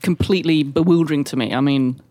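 A man's voice: on the high side, fast talker, a little mellow, no room sound. A man from the United Kingdom, chatting dryly and sardonically on a podcast. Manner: dry, sardonic, swears. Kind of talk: casual podcast chat.

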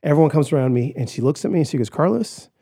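A man guest on a podcast, telling a personal story in an animated way and acting out the voices of others. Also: mid-range voice, racing. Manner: animated, acts out quoted voices, shouts in retelling.

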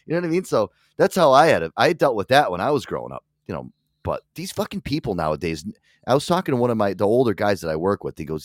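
A man's voice: fairly low pitch, very animated, fast talker, dry recording, studio quality. A man hosting a podcast in casual chat, ranting brashly and swearing a lot. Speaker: podcast host.

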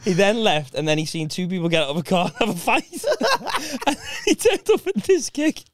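A stand-up comedian casually tells a story about a bad gig, using slang and laughing as he goes. His high voice is sing-song at normal speed, captured in clean studio sound with no room noise.

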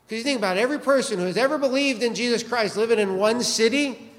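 Male pastor, high voice, chatty joking sermon, long hall reverb. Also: fast. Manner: conversational, joking, asks the congregation questions.

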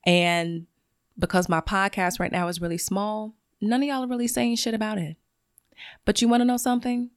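A woman's voice: medium pitch, fairly even intonation, moderate pace, clean tone, no room sound, clean studio sound. A woman who is a teacher and podcast host, talking in a solo monologue in a blunt, profane and emphatic way.

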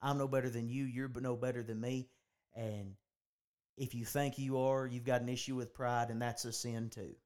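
A man's voice: medium pitch, flat delivery, moderate pace, darkish tone. Earnest man preaching on a podcast. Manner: earnest, repeats words, restarts phrases. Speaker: podcast host. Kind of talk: preaching-style podcast talk.

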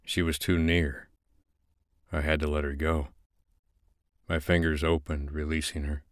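A man hosting and narrating, reading a fiction excerpt aloud in a slow, measured first-person delivery. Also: a bass voice, little pitch movement, dry recording, studio quality. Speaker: narrator and host.

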